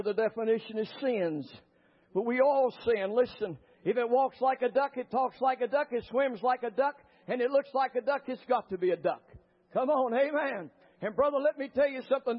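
A man preaching a sermon as a pastor, telling stories with fervor and rising to shouts. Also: very high-pitched. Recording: muffled lo-fi recording.

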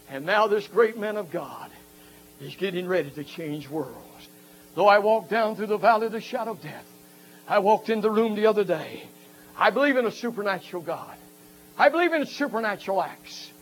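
A man preaching a fervent revival sermon, rising into shouted peaks. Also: high-pitched, poor audio. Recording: faint mains hum.

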